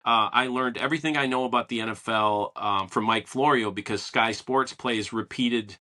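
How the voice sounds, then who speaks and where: Bright-voiced man hosting a podcast. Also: mid-range voice, moderate pace. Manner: enthusiastic storyteller, acts out quotes. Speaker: podcast host. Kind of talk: casual interview chat.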